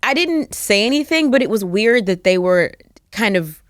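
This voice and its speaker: A woman's voice: mid-range voice, moderate pace, dry recording. A woman chats as a podcast guest, her voice swooping up and down as she tells stories and acts out what people said. She is close on a studio mic in a dry, deadened room. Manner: animated, storytelling with quoted asides. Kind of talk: casual chat. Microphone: studio microphone.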